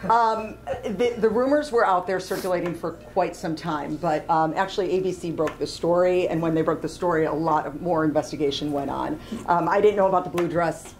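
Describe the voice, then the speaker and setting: A woman's voice: fairly low pitch, brisk, few pauses, a little hiss or hum, poor audio. Woman in her fifties telling stories. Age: 50s. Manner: animated storyteller who laughs easily. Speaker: guest, former news correspondent. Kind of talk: anecdotal storytelling on a talk show.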